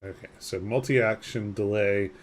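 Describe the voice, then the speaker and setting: A man's voice: lowish voice, fairly even intonation, unhurried. A man streaming a game live, chatting casually with a rambling, self-deprecating manner as he reads and answers chat.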